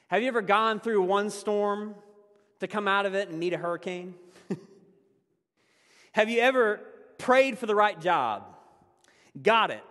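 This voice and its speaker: A man preaching a conversational sermon as a pastor, laughing often and swinging between loud emphasis and hushed asides. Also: high-pitched, in a large hall.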